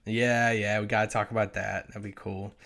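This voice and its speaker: Gravelly and on the low side, this man's voice moves at a moderate pace as he co-hosts a casual sports podcast. He keeps things relaxed, dropping plenty of "like" and laughing readily.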